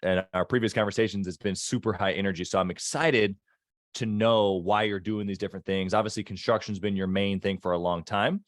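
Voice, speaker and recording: A man hosting a business podcast, upbeat and enthusiastic, talking in quick bursts during a casual interview. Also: on the low side, fairly even intonation, dry recording, studio quality. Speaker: podcast host.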